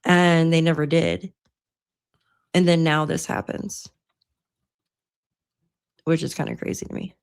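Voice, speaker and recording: Woman livestream host, gravelly voice, yaps and cusses, laughs a lot, at home on her computer. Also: low voice, flat delivery, unhurried, long pauses. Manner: chatty, swears freely, laughs often. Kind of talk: casual livestream chat.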